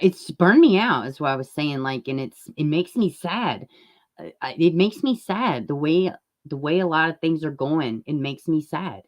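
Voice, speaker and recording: A woman chatting casually on a live stream, rambling and greeting viewers in the chat. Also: low-pitched. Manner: occasional mic dropouts. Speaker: true-crime live streamer.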